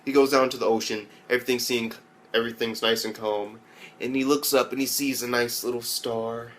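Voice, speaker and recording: A young man talks through an anime episode in a casual, rambling way, swearing constantly. His voice sits in a middle register. He keeps breaking into loud, high impressions of the characters. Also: fairly even intonation, fairly quick, slight background noise. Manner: rambling, loose, swears a lot, mimics characters in raised voices. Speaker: anime reviewer. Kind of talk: casual profane recap.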